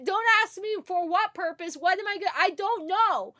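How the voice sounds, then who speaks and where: A woman streamer chatting casually on a live stream, greeting viewers and telling stories in an excitable, chatty way. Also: very high-pitched, normal speed, no echo, clean studio sound.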